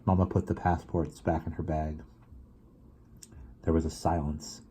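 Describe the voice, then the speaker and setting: Deep-voiced man reading a storybook aloud. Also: a little slow, slight background noise. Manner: steady storytelling narration. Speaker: reader. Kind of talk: reading a children's novel aloud.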